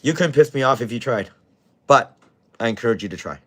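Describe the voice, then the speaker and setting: A man's voice: mid-range voice, lively intonation, a little fast, pushed and bright, husky. A man who manages a bar, telling a rowdy story in blunt, profane casual talk. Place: bar in Scranton, Pennsylvania.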